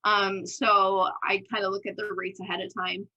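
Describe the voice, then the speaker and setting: A young woman with a bright, forceful voice talks openly as a podcast guest. She laughs easily and slips into little acted quotes of her own past thoughts, in relaxed, candid conversation. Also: medium pitch, moderate pace, rough recording. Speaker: podcast guest, business owner. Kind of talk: casual interview chat.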